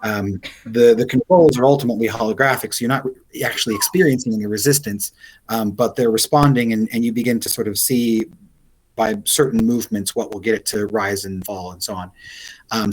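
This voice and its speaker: A man's voice: on the low side, low-quality recording. A man narrating as game master of an online tabletop game, describing scenes with frequent fillers and restarts. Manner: descriptive, hesitant with many fillers.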